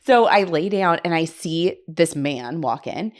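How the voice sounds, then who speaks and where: A woman's voice: low voice, unhurried. A young woman hosting a podcast, telling a story in casual chat, acting out the voices of the people in it and laughing often. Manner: animated, acts out quoted voices, laughs often. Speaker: podcast host.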